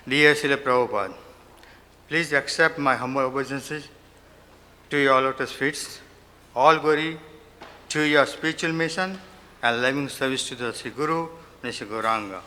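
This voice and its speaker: Man reading a devotional offering aloud, very bright tone, long hall reverb. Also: medium pitch, a little hiss or hum. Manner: rapid chanted recitation, then measured reading.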